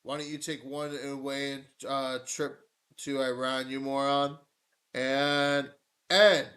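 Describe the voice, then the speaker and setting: A man hosting a live news stream, swearing and mocking as he swings from loud rants to low mutters. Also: level tone, slow. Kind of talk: profane live-stream commentary.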